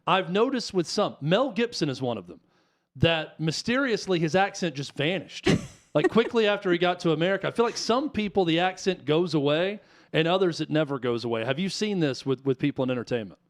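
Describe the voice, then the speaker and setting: A man's voice: on the high side, expressive, fairly quick. A man co-hosting a studio talk show, asking long, chatty questions and laughing as he goes. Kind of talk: casual interview chat.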